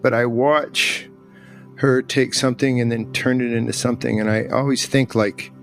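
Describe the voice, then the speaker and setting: A man's voice: medium pitch, little pitch movement, moderate pace, gravelly, soft background music. A middle-aged man, a podcast guest, telling a story with emphatic repetition and rising emotion. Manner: emphatic, repeats words for emphasis, emotional at times. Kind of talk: animated storytelling in conversation.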